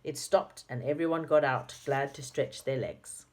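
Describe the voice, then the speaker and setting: Woman, low voice, reads a kids' chapter book aloud with friendly asides. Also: normal speed, a little mellow. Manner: chatty asides to young listeners. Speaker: storybook reader. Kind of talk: reading a children's book aloud.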